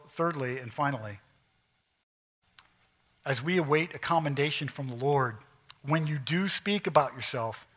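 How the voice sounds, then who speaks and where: A middle-aged male pastor preaching a sermon, emphatic at times and dropping to quiet, intense asides. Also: mid-range voice, slightly rough.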